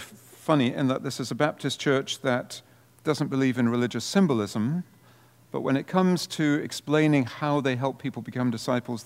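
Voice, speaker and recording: A man, a parish priest, giving an informal workshop presentation in a conversational way, with relaxed asides. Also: mid-range voice, gravelly, big-room sound.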